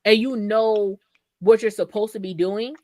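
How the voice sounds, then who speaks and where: A woman co-hosting a casual chat show, animated and fond of acting out quoted voices. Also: mid-range voice, measured pace, no room sound. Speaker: podcast co-host.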